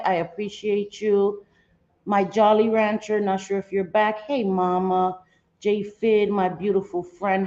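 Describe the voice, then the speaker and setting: Middle-aged lady chatting on her home livestream, unhurried, kinda muffled audio. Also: mid-range voice, darkish tone. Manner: chatty, greets viewers by name. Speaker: livestream host. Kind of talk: casual livestream chat. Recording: slightly dull livestream audio.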